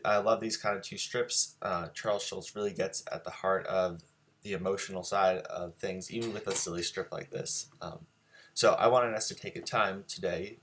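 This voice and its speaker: A male drawing teacher and show host with a low, slightly bright voice leads a casual live-streamed drawing lesson. He's easygoing and chatty with viewers, using lots of fillers.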